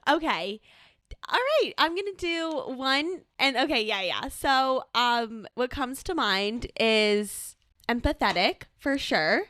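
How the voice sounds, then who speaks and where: Giggly young woman, bright voice. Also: fairly high pitch, animated, takes it slowly, dry recording, clean studio sound. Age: young adult. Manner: giggly, chatty, upbeat. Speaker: podcast co-host. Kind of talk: casual chat. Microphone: podcast mic.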